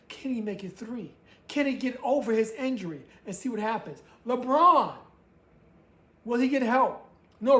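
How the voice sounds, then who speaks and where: A woman hosting her own sports talk show, ranting with emphasis and repeating her points. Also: fairly high pitch. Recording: echoey room.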